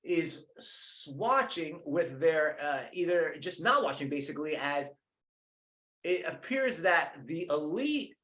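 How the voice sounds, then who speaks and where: A man's voice: on the high side, big pitch swings, takes it slowly, a bit bright. Angry, profane man ranting. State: in pain from a cracked collarbone. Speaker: political commentator. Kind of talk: angry conspiracy rant.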